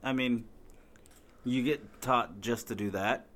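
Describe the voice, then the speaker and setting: A man's voice: mid-range voice, slow pace, a bit bright. A man co-hosting a podcast, chatting casually with dry joking asides. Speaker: podcast co-host. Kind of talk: casual banter.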